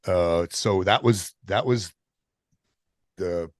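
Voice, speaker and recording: Deep-voiced man telling a candid story. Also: dry recording, studio quality. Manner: casual and profane, halting with restarts, drops "man" and "bro". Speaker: podcast guest, military veteran.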